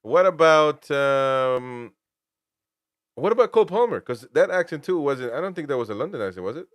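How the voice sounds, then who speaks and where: A man's voice: fairly high pitch, expressive, normal speed, dry recording. A man hosting casual football talk, rambling with restarts and throwing in "man". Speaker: host.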